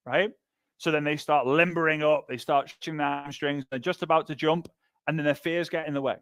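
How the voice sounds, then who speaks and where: A man teaching a motivational marketing lesson on a livestream, energetic and punchy, repeating phrases for emphasis. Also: a little high, dry recording. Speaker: sales trainer. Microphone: livestream microphone.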